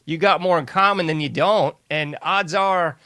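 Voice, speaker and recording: A man's voice: a little high, normal speed, pushed and bright, no room sound. A man hosting a casual interview, laid-back and slangy, often saying man. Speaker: host.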